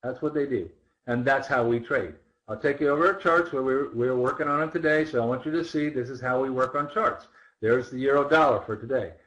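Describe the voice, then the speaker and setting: A man's voice: mid-range voice, a little fast, a bit bright, highs cut off. A man teaching a trading seminar, walking through charts with rhetorical questions and repeated phrases. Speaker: trading instructor. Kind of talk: live seminar chart walkthrough.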